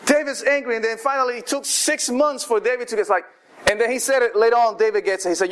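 A man preaching a sermon, telling the story lively and acting out what the people in it say. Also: extremely high pitch, fast talker. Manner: animated storytelling, acting out quoted voices.

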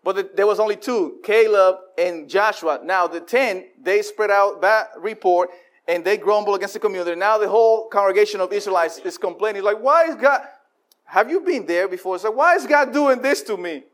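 High-voiced preacher man, lively delivery. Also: a little fast. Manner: animated, acts out voices of complainers; frequent repetitions and restarts. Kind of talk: sermon.

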